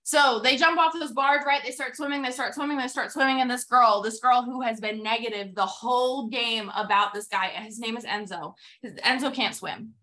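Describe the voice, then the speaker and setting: A woman's voice: on the high side, moderate pace, few pauses, bright, forceful tone. A young adult woman hosting a motivational podcast, retelling a TV episode with acted-out quotes and drawing lessons for sales teams. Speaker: podcast host and sales coach.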